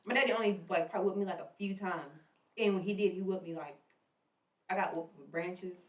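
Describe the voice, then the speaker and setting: Woman, podcast host, low-ish voice, casual slang, echoey room, distant mic. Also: a little fast. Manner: laid-back, encouraging, slangy.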